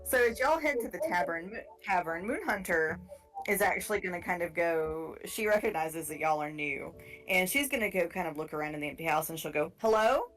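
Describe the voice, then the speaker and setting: Lady dm narrating, kinda low voice, laid back and giggly. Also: brisk, soft background music, poor audio. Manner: relaxed, laughs often, rambling. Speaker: game master. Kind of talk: narrating a tabletop game.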